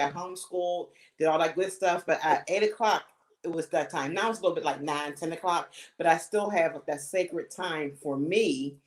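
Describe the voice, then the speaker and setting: A middle-aged woman on a panel of mothers, giving earnest advice in casual talk and often saying "you know". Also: lowish voice. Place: home, video call. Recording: echoey room.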